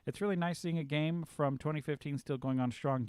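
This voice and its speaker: A man's voice: on the high side, steady tone, brisk, darkish tone, clean tone, dry recording. A man casually chatting on a livestream, rambling with lots of fillers and restarts. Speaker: streamer.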